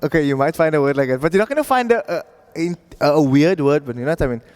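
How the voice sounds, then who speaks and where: Teacher, male, patient, keeps checking the class follows; high-pitched, room echo. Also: expressive, fast talker, darkish tone, clear, resonant tone. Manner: patient, checks in with students often. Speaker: Arabic reading teacher. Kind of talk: classroom lesson.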